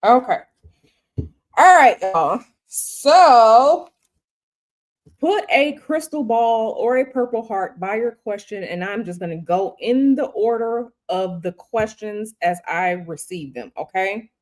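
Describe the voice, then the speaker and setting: Animated and fairly high-pitched, this woman talks slowly. Broadcasting a tarot livestream from her hotel room, she keeps things chatty and casual with viewers, often saying the same things again.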